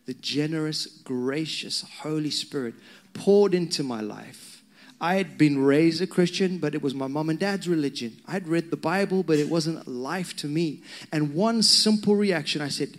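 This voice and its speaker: Man, pastor, sermon, somewhat high voice, animated storytelling, talks straight to the crowd. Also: measured pace.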